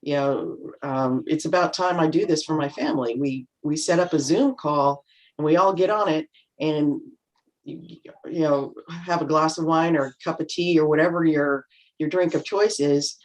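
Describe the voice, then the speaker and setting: A woman's voice: deep voice, moderate pace, darkish tone. Chatty middle-aged woman on a video call. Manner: chatty, anecdotal, acts out little quotes. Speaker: panel guest. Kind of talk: casual panel talk.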